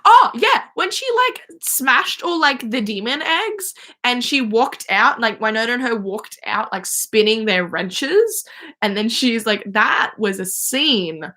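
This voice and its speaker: Young woman livestream host, bright voice, excitable fan rambling. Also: a little high, unhurried. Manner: chatty, gushing, many fillers and restarts. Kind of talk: casual fan chat. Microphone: phone or webcam.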